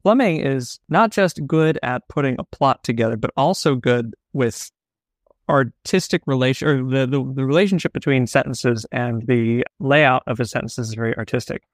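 Podcast co-host, man, animated literary analysis, middle pitch, dry booth. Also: normal speed, no room sound. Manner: animated, analytical, laughs along. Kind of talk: casual book discussion.

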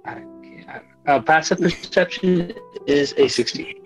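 A man playing a tabletop game, talking casually and jumping into excited character lines, with faint guitar music behind. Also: fairly high pitch, a little slow, low-quality recording. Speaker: player.

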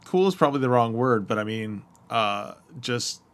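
Here a man from the U.S. co-hosting a podcast speaks in an expressive mid-range voice with a fairly bright tone and a moderate pace. His casual chat is halting, packed with fillers and frequent bursts of laughter.

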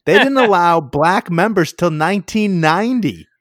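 A man's voice: high-pitched, expressive, moderate pace, a bit bright, dry recording, clean studio sound. A young man co-hosting a casual podcast, telling rambling stories with wry, profane asides. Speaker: podcast co-host. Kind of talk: casual chat.

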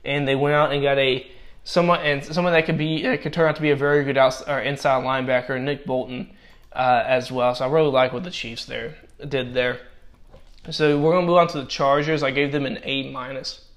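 Grading football draft picks in casual commentary, a man stumbles along with many restarts while losing his voice. His pitch is medium and his intonation fairly even.

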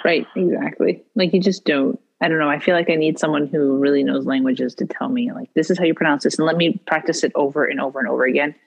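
A woman's voice: low-pitched, steady tone, fast talker, vocal fry, hardly any pauses, husky, lo-fi sound. A middle-aged woman in casual chat, rambling and correcting herself as she talks. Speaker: podcast co-host.

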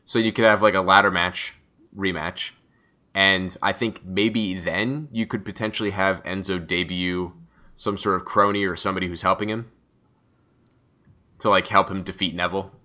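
A man co-hosting a casual chat show, talking in an excitable, rambling way and swearing freely. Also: low-pitched, moderate pace. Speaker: podcast co-host. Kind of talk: casual chat about wrestling.

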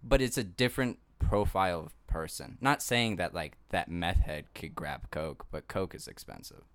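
A young man in casual podcast chat, making dry, measured remarks. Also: low-pitched, no echo.

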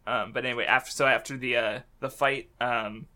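A man chatting casually as a podcast co-host, excitable, laughing often and swearing freely. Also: mid-range voice, fairly quick. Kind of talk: casual chat.

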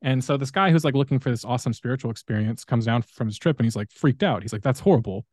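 A man's voice: medium pitch, fast talker, darkish tone, no echo, studio quality. A man hosting a podcast, telling long stories in a rambling, casual way with many fillers. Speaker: podcast host.

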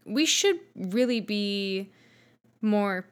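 A woman's voice: mid-range voice, slow, a bit bright. A woman co-hosting a casual podcast over wine, talking frankly and rambling with some swearing. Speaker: podcast co-host.

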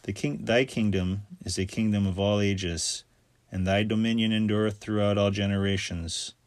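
A man reading scripture aloud in a steady, measured recitation. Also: on the low side, no room sound. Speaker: scripture reader.

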